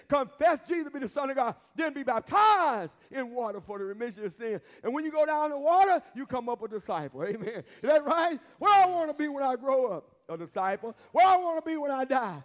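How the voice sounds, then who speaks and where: A man preaching a sermon as pastor, with emphatic call-and-response and repeated phrases, recorded in a church sanctuary. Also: very high voice. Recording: long reverb of a church hall.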